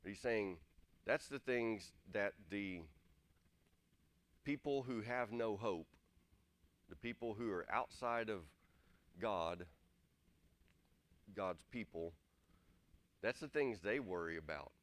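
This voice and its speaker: Man, fairly low voice, conversational sermon, earnest, repetitive. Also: takes it slowly, pauses often. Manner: earnest, plain-spoken, repeats his points. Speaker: preacher.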